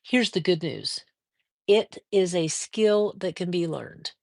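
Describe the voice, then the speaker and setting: An older woman hosts a quilting livestream from her sewing room and chats warmly with viewers as she reads their comments. Her voice sits a little low and she talks slowly, with plenty of drawn-out fillers. The sound is close and dry, with no room echo. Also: lively intonation, creaky. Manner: chatty, encouraging, drawn-out fillers. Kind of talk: casual live-stream chat reading viewer comments.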